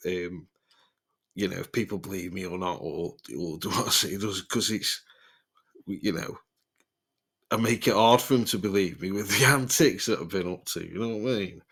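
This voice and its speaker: A man, telling rambling podcast stories full of swearing and laughter. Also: lowish voice. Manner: rambling, swears a lot, laughs mid-sentence. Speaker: podcast host. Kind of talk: casual storytelling.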